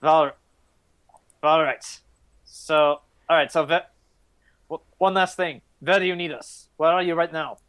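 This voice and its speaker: Gruff mercenary leader played by a man, blunt, curt, stammers, slightly high male voice, tabletop role-play. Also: measured pace, pauses often, a bit bright.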